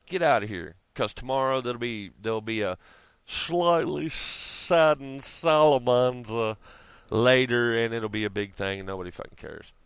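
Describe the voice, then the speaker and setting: Bright, crisp, profane male ranter. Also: on the low side, a little fast, few pauses, no echo. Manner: profane, rambling, laughs at his own jokes. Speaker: vlogger. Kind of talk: casual rambling vlog rant.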